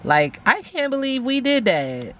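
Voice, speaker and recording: A woman's voice: high-pitched, big pitch swings, unhurried, a little hiss or hum. A woman giving a casual spiritual tarot reading, emphatic, talking aloud to spirit and repeating phrases. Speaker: tarot reader.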